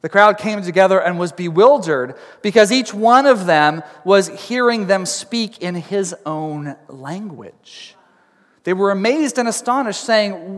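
A man with a fairly high voice preaches from a church sanctuary, and his words ring out with a long hall reverb. He tells the story in a chatty, lively way, full of asides, and slips into the voices of the people in it. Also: a little slow. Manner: animated storytelling, acting out crowd voices. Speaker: pastor. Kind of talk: sermon.

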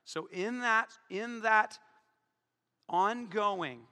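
A married man preaching a sermon to his congregation, joking and swinging between loud calls and hushed asides. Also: high-pitched, extremely slow, clear, resonant tone. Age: adult, married. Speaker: pastor. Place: church hall before a congregation. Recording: long hall reverb.

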